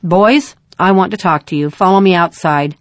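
A woman's voice: fairly low pitch, normal speed, dry recording, natural voice. A woman voicing a serious middle-aged male band teacher who speaks firmly. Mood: stern. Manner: firm, serious questioning.

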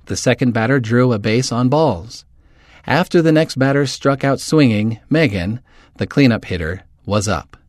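A man reading a story aloud in a steady storytelling manner, lifting his pitch slightly for quoted characters. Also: normal speed, dry recording, studio quality. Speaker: reader.

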